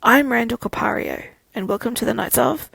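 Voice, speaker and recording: A woman voicing an awkward, fumbling young male werewolf knight, with a gravelly, husky voice. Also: on the high side, a little fast, a bit bright, no room sound, full character voice, poor audio.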